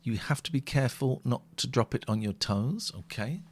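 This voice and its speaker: A man's voice: mid-range voice, animated, moderate pace, slightly rough. A man co-hosting a late-night live stream, chatting casually and reading out viewer comments in a wry way.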